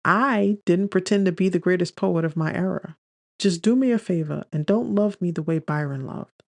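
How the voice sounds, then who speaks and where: A man voicing a playful young woman who teases and argues in quick-witted banter. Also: high voice, vocal fry, no room sound, clean studio sound, pitched above the performer's own voice. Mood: teasing. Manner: teasing, argumentative banter.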